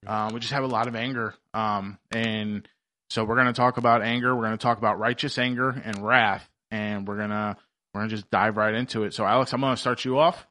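A man's voice: lowish voice, fairly even intonation, fairly quick, pushed and bright. A man hosting a faith podcast, chatting casually in an upbeat, rambling way with many fillers and restarts. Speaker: podcast host.

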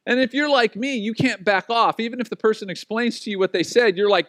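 Pastor, male, slightly high voice, animated storyteller who acts out quotes, dry close sound. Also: a little fast, hardly any pauses, dry recording. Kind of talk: sermon.

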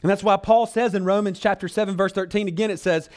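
A man pastor preaching a sermon, earnestly addressing the congregation as brothers and sisters and swinging between loud pleading and hushed low passages. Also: fairly even intonation, fast talker.

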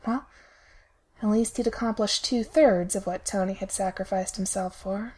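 Woman, audiobook narration, plain even storytelling, mid pitch. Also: moderate pace, husky. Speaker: podfic reader.

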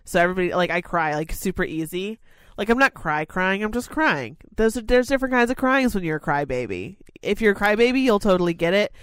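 A woman's voice: medium pitch, expressive, quick pace, clear, resonant tone, dry recording. A young woman co-hosting a podcast in casual chat, emotional and teary, swearing freely and gushing as she talks. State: teary, crying while talking. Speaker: podcast co-host.

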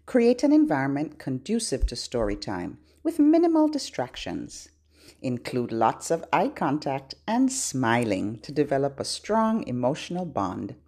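Sing-song woman with a lively voice. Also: a bass voice. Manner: sing-song, playful, slow and clear for babies. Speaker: children's librarian and podcast host. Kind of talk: sing-along lesson for babies.

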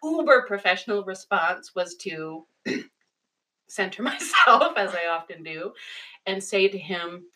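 A young adult woman co-hosting a podcast, telling animated classroom stories with frequent laughter. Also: medium pitch, takes it slowly, rough recording. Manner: animated storytelling, laughs often, acts out kids' voices. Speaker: podcast co-host. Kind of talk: casual chat.

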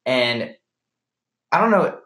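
Young male co-host, playful banter, mid pitch, echoey room. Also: very animated, slow pace, a bit bright. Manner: playful, laughs often, jokingly acts out lines. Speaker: podcast co-host. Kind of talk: casual chat.

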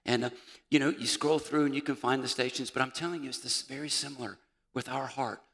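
A man preaching a sermon as pastor, moving between loud calls and hushed, near-whispered passages. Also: mid-range voice, steady tone, fairly quick. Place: church sanctuary. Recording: church sanctuary with long reverb.

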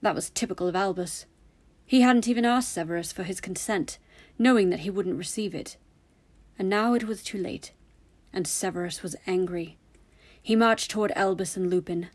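A woman narrating a story in a steady, even reading voice. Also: mid-range voice, normal speed.

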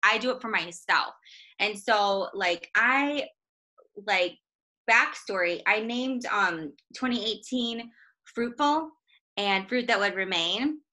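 A woman with a bright, clear voice chats about her faith and family. She talks in a relaxed, self-deprecating way and laughs often. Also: medium pitch, takes it slowly. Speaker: guest, minister's wife and mother. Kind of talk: casual faith conversation.

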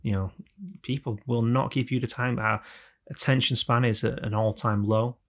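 Casting: podcast host, gravelly, loose and chatty, mid pitch. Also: male voice, steady tone, normal speed, a bit bright. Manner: chatty, swears, mimics announcer voices. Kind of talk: casual podcast chat.

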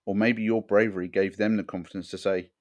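A man's voice: on the low side, fairly even intonation, brisk. A man hosting a podcast, delivering a frank, earnest monologue from a script. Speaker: podcast host.

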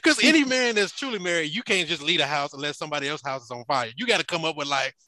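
Bright-voiced joking man in his forties. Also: fairly high pitch, animated, fast, slight background noise. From Chicago. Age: 40s. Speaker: podcast co-host. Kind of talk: casual chat.

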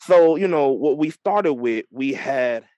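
A man's voice: medium pitch, lively intonation, takes it slowly, darkish tone, no echo. A man co-hosting a wrestling podcast, hyped and playful, fond of puns. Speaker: podcast co-host. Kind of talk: excited wrestling podcast chat.

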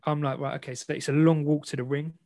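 A man, an interview guest and boxer, frankly recounting a personal story in a self-deprecating, animated way. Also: a little high, fast, dry recording.

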